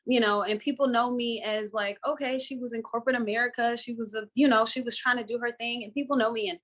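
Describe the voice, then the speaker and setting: A woman's voice: fairly high pitch, fairly even intonation, quick pace, a bit bright. A woman from Florida with a Southern accent, an actress talking emphatically and laughing often in a live online interview. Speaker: actress guest. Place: online video call.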